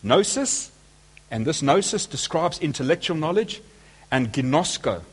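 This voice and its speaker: A man's voice: fairly high pitch, expressive, unhurried, breathy edge. A man preaching a sermon, speaking emphatically and asking his listeners rhetorical questions.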